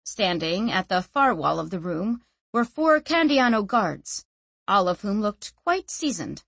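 A woman narrating a story in measured, dramatic scripted narration. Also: mid-range voice, gravelly, fairly bright tone, no echo. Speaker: audiobook narrator.

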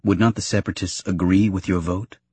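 A man's voice: deep voice, steady tone, brisk, a little mellow, slightly rough. A man voicing a dutiful young male guard captain who speaks in a respectful, formal way. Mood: earnest.

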